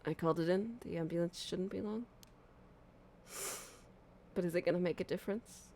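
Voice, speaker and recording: A woman's voice: lowish voice, normal speed, mellow, a little hiss or hum, close to an everyday voice. A woman reading a shaken young male horror game protagonist's dialogue aloud, urgently. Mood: stunned, sad.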